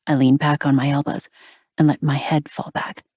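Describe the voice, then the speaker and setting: Breathy low-voiced woman narrator. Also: little pitch movement, normal speed, darkish tone, no room sound. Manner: breathy, half-whispered intimate reading. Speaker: audiobook narrator. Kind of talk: first-person romance audiobook narration.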